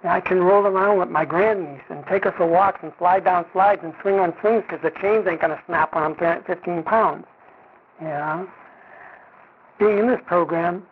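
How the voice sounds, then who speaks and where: A man's voice: a little high, husky. A man giving a personal recovery testimony in a conversational way, often saying "you know" and acting out what people said to him. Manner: conversational, often says "you know", acts out quoted dialogue. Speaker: speaker sharing at a recovery meeting. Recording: tinny phone-line sound.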